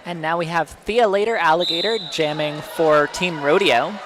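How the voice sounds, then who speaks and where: A casual co-commentator chats through a live roller derby bout, explaining tactics in an easy, conversational way. The voice sits at a middle pitch. Loud venue noise fills the background. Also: moderate pace. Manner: casual, chatty, explains play.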